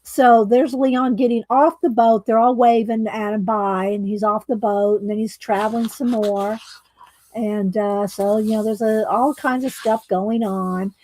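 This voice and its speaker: A woman's voice: on the high side, steady tone, measured pace, a little mellow, no echo. A woman hosting a coloring livestream, chatting casually and rambling with fillers and restarts. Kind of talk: casual chat while coloring.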